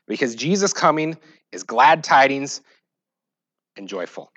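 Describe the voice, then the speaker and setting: A pastor preaching a sermon, moving between loud, emphatic scripture reading and quiet, joking asides. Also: male voice, medium pitch, big pitch swings, a little slow, no room sound, highs cut off. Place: church.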